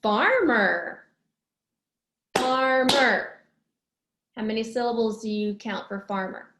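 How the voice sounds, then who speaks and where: A woman teaching young children a lesson, slowly stretching words out syllable by syllable. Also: mid-range voice, little pitch movement, echoey room, noisy background. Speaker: preschool teacher.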